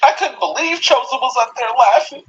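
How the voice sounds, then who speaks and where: A woman's voice: high-pitched, expressive, a little fast, fairly bright tone. A mother speaking out in blunt, profane, confrontational direct address. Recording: dull lo-fi sound.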